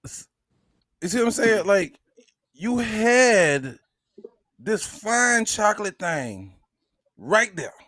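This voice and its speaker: A man's voice: high-pitched, very animated, slow pace, long pauses, fairly bright tone, no echo, studio quality. A man hosting a casual podcast, talking animatedly and repeating words as he builds his point. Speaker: podcast host.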